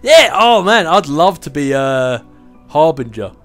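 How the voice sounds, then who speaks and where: A man's voice: a little high, sing-song, unhurried, fairly bright tone, faint music behind. A man in his twenties hosting a casual video Q&A, chatting in a rambling way with frequent restarts and laughs. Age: 20s. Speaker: YouTube channel host answering viewer questions. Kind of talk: casual chat.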